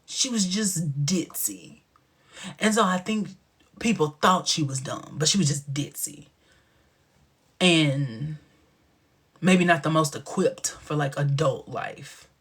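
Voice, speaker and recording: A man hosting a casual livestream chat, telling stories in an animated way, acting out quotes and dropping into whispered asides. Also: a little high, takes it slowly, pauses often, slightly rough. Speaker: livestream host.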